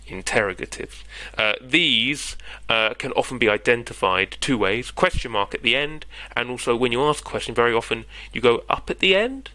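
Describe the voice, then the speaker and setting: A man's voice: medium pitch, animated, normal speed, pushed and bright, no echo, poor audio. A man with a British accent, patiently explaining grammar as a tutor in an online lesson and checking in with his listener. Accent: British English. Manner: patient, conversational, checks in with "yeah?".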